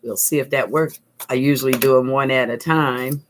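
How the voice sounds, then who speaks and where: A woman giving a casual crafting tutorial, chatty and calm, thinking aloud while she works. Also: rumbling low, normal speed, slight background noise. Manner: calm, soothing. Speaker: craft vlogger.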